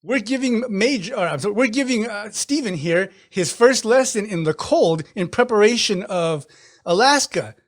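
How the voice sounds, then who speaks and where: A man's voice: high-pitched, expressive, moderate pace, voice pushed up. A man voicing a smug, bullying male sergeant who speaks with mock politeness.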